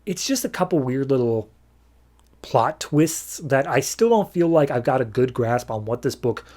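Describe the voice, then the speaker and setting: Guy on a comics podcast recapping an issue, mid-pitch voice, loose and offhand. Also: animated, darkish tone. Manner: loose, offhand retelling with quick quoted asides. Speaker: podcast host reviewing comics.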